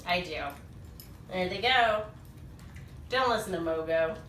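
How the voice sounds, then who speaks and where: A woman reading a picture book aloud to young children, animated and full of sing-song questions, in a small echoey room. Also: on the low side, unhurried, recorded from a distance, slight background noise. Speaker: children's storyteller.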